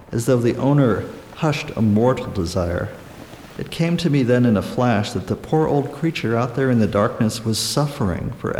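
A man narrating a story aloud in a measured, even storytelling manner. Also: mid-range voice. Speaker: audiobook narrator. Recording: echoey room with long reverb and faint noise.

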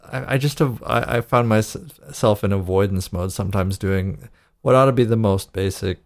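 A man's voice: lowish voice, moderate pace. A man hosting a casual podcast conversation over Skype, speaking hesitantly with many fillers and restarts. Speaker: podcast host. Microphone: Skype call.

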